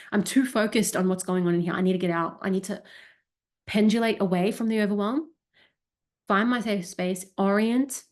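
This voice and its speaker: A woman coach gives an educational talk and demonstrates by voicing her body sensations aloud. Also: mid-range voice. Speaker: wellness coach.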